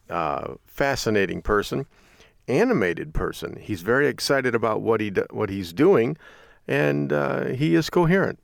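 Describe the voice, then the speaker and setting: Gravelly-voiced folksy male host. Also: on the low side, dry recording, clean studio sound. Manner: folksy storytelling with frequent laughs. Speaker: radio host. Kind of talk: casual chatty monologue.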